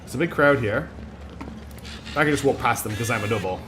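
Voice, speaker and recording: A man's voice: medium pitch, animated, a little fast, background noise. A man streaming a game, chatting casually in a rambling, self-deprecating way. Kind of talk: casual gaming commentary.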